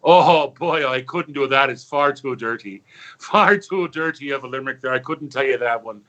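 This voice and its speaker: A man's voice: mid-range voice, normal speed, bright, forceful tone, highs cut off, lightly acted. A man voicing a jolly male pub bartender with a cheery, folksy manner.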